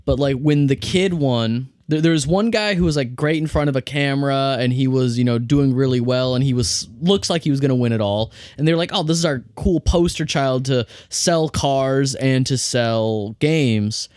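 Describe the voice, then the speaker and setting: A man's voice: medium pitch, moderate pace, few pauses, a little mellow, clear, resonant tone, no room sound, clean studio sound. A man co-hosting a podcast, chatting casually about a movie he liked, often restarting his sentences. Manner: enthusiastic, repeats words when restarting. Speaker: podcast co-host. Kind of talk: casual film review chat.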